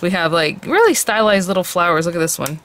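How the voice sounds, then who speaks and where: A woman's voice: on the low side, lively intonation, quick pace, a little hiss or hum. A woman hosting a casual craft tutorial, chatting about each little piece as she shows it. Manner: chatty, warm-hearted, calls pieces "little guy". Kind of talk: casual product demo.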